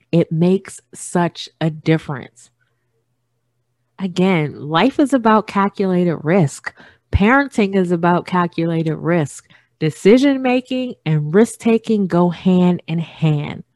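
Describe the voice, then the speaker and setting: A woman's voice: lowish voice, darkish tone, dry recording, clean studio sound. A woman in her thirties hosting a solo podcast, talking earnestly about parenting and repeating phrases for emphasis. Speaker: podcast host. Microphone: studio microphone.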